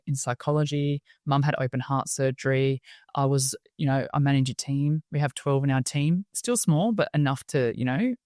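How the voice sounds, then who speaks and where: A woman's voice: extremely low pitch, clean tone, no room sound, studio quality. Chatty Australian woman telling stories. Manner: lively, chatty, laughs often. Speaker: podcast guest. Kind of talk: casual interview storytelling.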